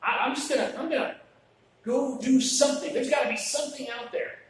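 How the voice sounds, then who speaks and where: A man acting out an eager, determined young disciple in a higher, louder, urgent voice during a sermon. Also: fairly even intonation, brisk. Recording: very echoey church room, mic at a distance.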